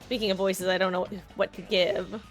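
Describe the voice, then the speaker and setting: A woman's voice: medium pitch, flat delivery, normal speed, soft background music. A woman streamer making casual gameplay commentary, chatting, correcting herself and laughing between asides.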